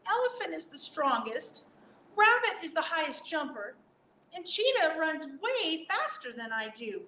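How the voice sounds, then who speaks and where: A woman reads out a proud little crocodile from a storybook, bragging about himself in a high, lively, bright voice. The sound is roomy and picked up from a distance, with a faint hiss behind. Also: a little slow, full character voice. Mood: glum. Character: boastful young male crocodile, proud then glum.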